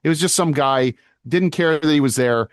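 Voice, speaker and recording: A man co-hosting a podcast tells stories in casual chat, animated and swearing freely. His voice sits on the high side, clear and resonant, at normal speed, in studio-quality sound with no room sound.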